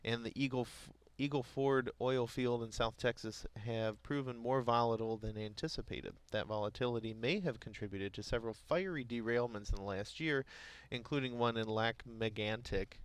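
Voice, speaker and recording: A man's voice: mid-range voice, moderate pace, clean tone. A man co-hosting a morning market show, chatting and then reading news headlines with occasional stumbles and self-corrections. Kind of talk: casual chat and news reading.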